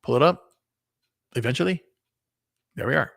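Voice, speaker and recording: A man's voice: medium pitch, normal speed, creaky, a bit bright, no echo, studio quality. A man talking casually to his viewers in a rambling opinion monologue, restarting sentences and swearing under his breath. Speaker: video commentator.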